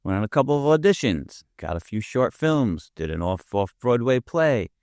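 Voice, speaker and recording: A man's voice: mid-range voice, very animated, moderate pace, a little mellow, no room sound, clean studio sound. A man telling a vivid, profane anecdote in a casual chat. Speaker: guest. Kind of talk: casual storytelling.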